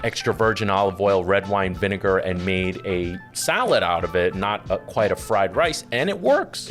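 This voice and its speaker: A middle-aged man, a chef, giving relaxed, rambling reaction commentary and laughing often. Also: fairly low pitch.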